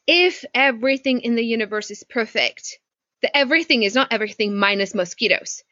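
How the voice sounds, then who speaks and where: A woman coach talks through a video call, her voice sitting a little high. She tells her story animatedly and keeps asking rhetorical questions. The sound is dry and dull, like a muffled video-call line. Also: animated, brisk, sharp tone, no room sound. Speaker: business coach. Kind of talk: casual talk on a video call. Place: home porch.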